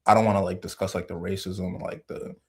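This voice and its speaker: A very deep, gravelly man calls in after a long shift, speaking low and flat as he rambles through his point with lots of "like." His husky voice sounds a bit off the mic. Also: fairly quick. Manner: rambling, many filler likes, speaks low. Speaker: caller. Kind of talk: casual call-in discussion.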